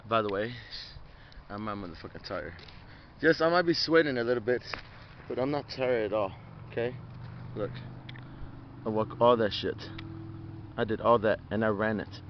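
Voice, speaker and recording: Lively, laughing young man on a hike. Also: lowish voice, highs cut off, slight background noise. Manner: playful, laughing often, swears freely. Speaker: vlogger filming a hike. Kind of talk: casual teasing chat. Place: outdoor hiking trail by a river.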